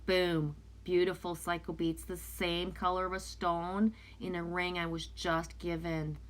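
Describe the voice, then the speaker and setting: A woman's voice: lowish voice, little pitch movement, measured pace. A woman whose first language is French, casually chatting with viewers and reading oracle cards aloud in a live stream. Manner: chatty, loose, talks back to viewers' comments. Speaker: oracle card reader.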